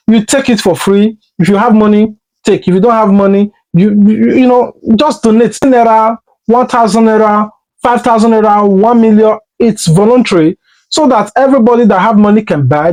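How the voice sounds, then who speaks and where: A man's voice: high voice, darkish tone, poor audio. A man with a Nigerian accent, earnestly explaining his own position to his viewers in casual commentary. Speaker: commentary vlogger.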